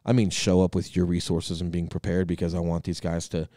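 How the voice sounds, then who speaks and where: Male podcast co-host, 30s, rapid and energetic, cusses for emphasis, deep voice. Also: dry recording, studio quality. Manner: energetic, emphatic, swears freely. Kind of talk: casual podcast chat.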